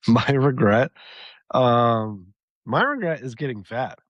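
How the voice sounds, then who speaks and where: A man's voice: medium pitch, expressive, slow pace, no echo, muffled recording. Self-mocking man in his forties. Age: 40s. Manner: self-deprecating, neurotic griping. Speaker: podcast co-host. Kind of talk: casual chat.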